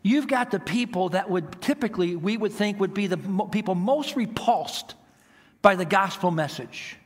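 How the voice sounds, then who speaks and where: A man preaching a sermon as pastor, animated and asking the congregation rhetorical questions. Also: sits high, normal speed. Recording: long reverb of a large hall.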